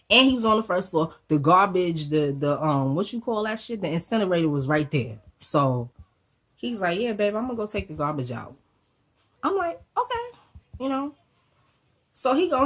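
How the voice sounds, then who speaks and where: Still getting over a cold, a woman with a low, husky voice tells a story straight to her viewers in a casual storytime vlog. She talks fast and loose, full of slang and swearing, with lively asides keeping things moving.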